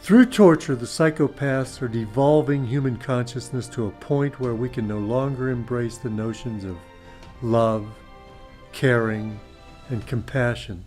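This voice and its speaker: A man's voice: mid-range voice, darkish tone. A man giving grave, urgent scripted documentary narration.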